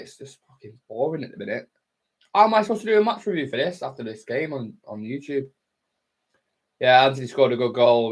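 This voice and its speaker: A young man from Manchester, hosting a casual football watchalong livestream, swearing and bantering with his chat close to the mic. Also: medium pitch. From Manchester, England. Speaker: fan channel livestream host. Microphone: close mic, eating into it.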